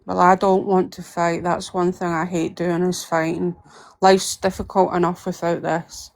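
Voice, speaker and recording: A soft-spoken, apologetic woman chatting on a livestream. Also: lowish voice, level tone, measured pace, creaky. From England. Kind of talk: livestream guest chat. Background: cat meowing.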